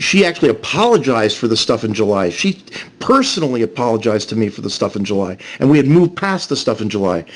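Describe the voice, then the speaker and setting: A man ranting scornfully over a voice call, repeating himself as he goes on. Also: mid-range voice. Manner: animated, repetitive, scornful rant. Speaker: streamer on a voice call.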